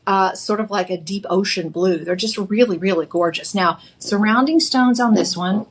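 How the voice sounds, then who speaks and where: A woman's voice: medium pitch, normal speed. A woman with a Texan accent hosting a live jewelry shopping show, chatty and upbeat with casual fillers. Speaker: shopping channel jewelry host.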